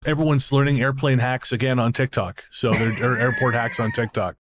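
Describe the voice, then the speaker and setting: A man's voice: mid-range voice, steady tone, brisk, slight background noise. A man from Canada co-hosting a podcast, chatting casually, telling stories with laughs and the odd swear. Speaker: podcast co-host. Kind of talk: casual chat.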